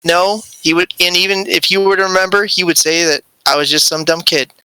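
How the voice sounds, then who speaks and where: A man's voice: high-pitched, brisk, smooth, dry recording, poor audio. A man hosting a casual podcast chat, joking and teasing his friends while telling stories. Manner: joking, teasing, animated storyteller. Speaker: podcast host.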